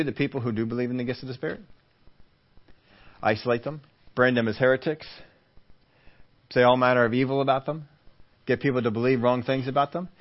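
A man's voice: medium pitch, dull audio. A man preaching a Bible-teaching sermon in a conversational style, often putting questions to the congregation. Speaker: pastor.

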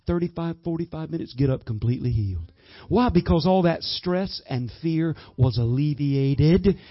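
A middle-aged man preaching a lively sermon, laughing often as he leads holy laughter. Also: on the high side, no echo, highs cut off. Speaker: guest minister. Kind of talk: Pentecostal-style sermon leading holy laughter.

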